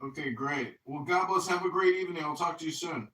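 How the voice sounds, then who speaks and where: A man's voice: fairly high pitch, fairly quick, reverberant, distant mic, rough recording. A man hosting a casual chat on an audio app, upbeat and full of slogans. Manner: upbeat, greets loudly, speaks in slogans. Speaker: podcast host and political candidate.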